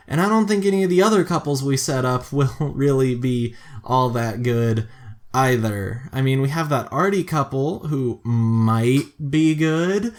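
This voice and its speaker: A man hosting a casual let's-play, talking through his moves in a chatty, self-mocking way with excitable bursts. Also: a little high. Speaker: gaming video host.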